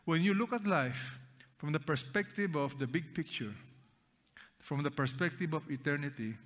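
A pastor with a slightly high, somewhat bright voice delivers a sermon at moderate speed in a large, echoing auditorium. Emphatic and repetitive on key words, he questions the crowd and guides them in reading along.

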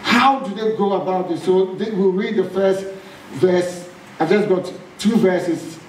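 High-voiced male preacher in an echoey church. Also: measured pace, a little hiss or hum. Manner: conversational, light asides. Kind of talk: sermon. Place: church hall. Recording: echoey church from a distant mic.

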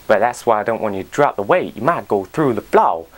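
A man's voice: on the low side, expressive, fairly quick. A man ranting to camera as a fitness vlogger, blunt and sweary, full of exasperation. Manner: blunt, sweary, exasperated, quotes people in other voices.

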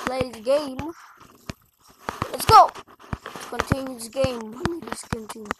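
A young gamer talking through a frustrating game, muttering and yelling in exasperation. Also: sits high, measured pace, heavy background noise. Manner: frustrated, exclaiming, mutters to self. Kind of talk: gaming commentary. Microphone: tablet mic.

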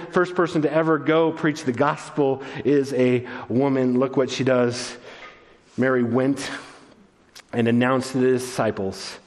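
A man preaching a sermon as pastor, moving between excited, raised passages and soft, hushed ones. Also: mid-range voice. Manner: expressive, swings between loud excitement and soft hushed tones. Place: church sanctuary. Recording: long church reverb.

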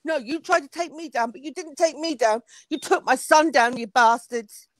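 A woman's voice: high voice, normal speed, fairly bright tone, no echo. Bitter, accusing woman. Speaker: livestream guest. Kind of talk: emotional outburst on a stream.

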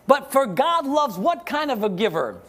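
A man pastor preaching a sermon to a congregation, asking rhetorical questions, leading call-and-response, and slowing down to read scripture with emphasis. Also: extremely high pitch, sing-song, a bit bright, a faint crowd. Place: church service with congregation.

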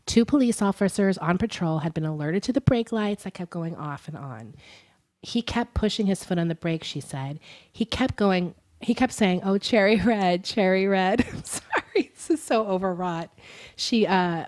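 A woman's voice: on the low side, animated, normal speed, darkish tone. A young adult woman co-hosting a casual true-crime podcast, chatty and giggly as she reads quotes aloud. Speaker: podcast co-host.

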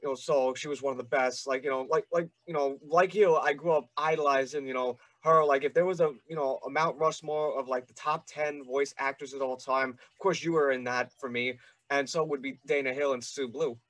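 A man's voice: medium pitch, fairly even intonation, fairly quick, fairly bright tone, dry recording. Young man host, rambling eager questions. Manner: rambling, full of "like" and "you know", stammering restarts. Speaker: podcast host. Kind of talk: casual interview questions.

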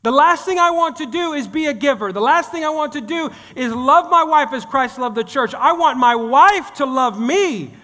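A man's voice: extremely high pitch, animated, moderate pace, few pauses, bright, forceful tone. A pastor in his thirties or forties preaching a sermon in a church, talking in a conversational, joking way and speaking straight to the congregation. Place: church sanctuary. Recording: long reverb of a church hall.

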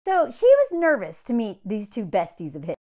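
Animated high-voiced woman, chatty and sarcastic. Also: normal speed. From Southern United States. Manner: chatty, sarcastic, mocks others in put-on quotes. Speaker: dating show commentator. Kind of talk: casual reaction commentary.

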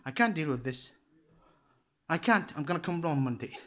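Man, bright fairly high voice, pleading and complaining on a phone vlog. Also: expressive, normal speed. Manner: repeats himself, pleading then complaining. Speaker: resident filming a noise dispute. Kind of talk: handheld argument and complaint vlog. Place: shared housing, indoors at night.

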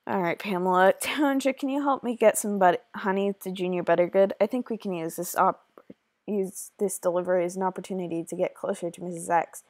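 A woman voicing a kind, secretive beekeeper woman in a game, speaking in a gentle, confiding way. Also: lowish voice, fairly quick, no room sound.

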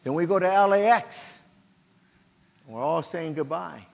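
A middle-aged man preaching in a church, telling a personal story with emotional, animated delivery and loud outbursts. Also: on the high side, unhurried, gravelly, big-room sound. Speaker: pastor. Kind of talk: storytelling sermon.

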